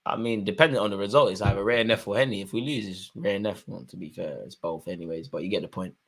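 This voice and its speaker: Excitable young man at a match. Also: on the low side, quick pace, breathy edge. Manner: excitable, shouts at players and referee. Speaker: football fan channel host. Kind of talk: live match watch-along commentary.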